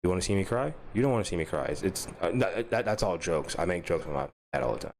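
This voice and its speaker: A man hosting an unscripted commentary vlog, swinging between loud mock-threatening rants and low muttering. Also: quick pace, slight background noise. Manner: loud and animated, pitch jumping up high; drops low and mumbly, muttering to himself. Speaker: commentary channel host.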